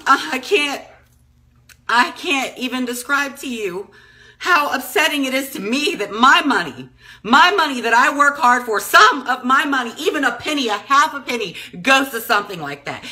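A woman's voice: high voice, sing-song, moderate pace, pushed and bright. A woman in her thirties making an impassioned, emotional appeal, tearful and pleading, often repeating herself. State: tearful, crying at times. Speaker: speaker addressing the public.

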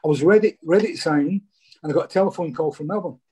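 A man's voice: a little high, fast talker, a little mellow, slightly rough. A Scottish man, a former footballer, telling stories casually in an interview and often saying "mate". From Scotland. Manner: chatty, says "mate" a lot.

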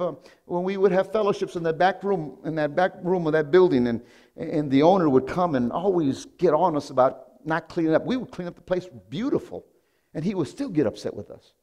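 Man, pastor, sermon, animated preaching, hushed-to-loud swings. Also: on the high side. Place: church sanctuary.

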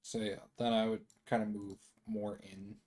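A man's voice: lowish voice, measured pace, creaky. Regular guy player at a tabletop game, rambly, keeps restarting, casual chat. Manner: rambling, restarting, animated when excited.

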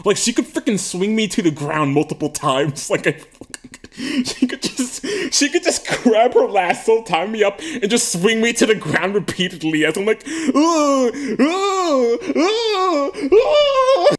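A man with a high voice that swings widely up and down, talking to camera from an attic room. He rambles in an excitable, giggly way, and laughs and yelps often throughout his casual comedic monologue. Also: normal speed. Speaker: video creator.

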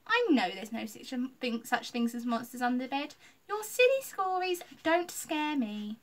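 A woman voicing a bratty, loud six-year-old girl who squeals and shrieks over the top in a storybook reading. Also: sits high, sing-song, a little slow, pitched above the performer's own voice, exaggerated voice. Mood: cheeky.

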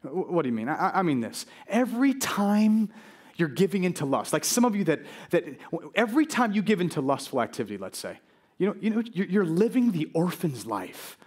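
A middle-aged male pastor preaching a sermon, lively and animated, acting out quoted worries with frequent stammering restarts. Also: high-pitched, brisk.

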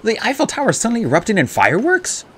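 A man's voice: high voice, wildly swooping pitch, fast talker, husky, pitched above the performer's own voice, exaggerated voice. A man voicing a touchy teenage boy who gets defensive and snappish.

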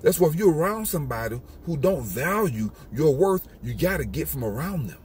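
A man's voice: a little high, very animated, fairly quick, a little mellow, a little hiss or hum. A man giving an emphatic, repetitive motivational monologue in a casual street style. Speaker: motivational speaker.

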